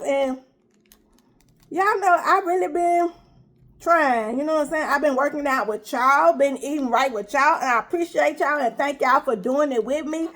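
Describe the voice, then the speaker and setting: A woman's voice: sits high, animated, measured pace, a bit bright. A middle-aged woman vlogger chatting casually while she eats, telling a story straight to her viewers. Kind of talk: casual eat-with-me chat.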